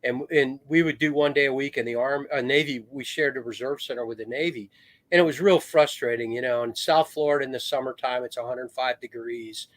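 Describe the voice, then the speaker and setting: A middle-aged American man, a retired Marine officer, telling anecdotes as a podcast guest with lively swings in his voice. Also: medium pitch, fairly quick, dry recording. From United States. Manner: animated storyteller, swings into raised voice.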